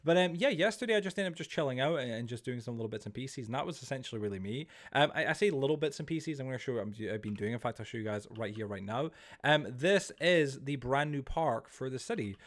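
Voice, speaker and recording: A man's voice: medium pitch, fast talker. A young man chatting casually on a live stream, greeting chat and rambling with many restarts.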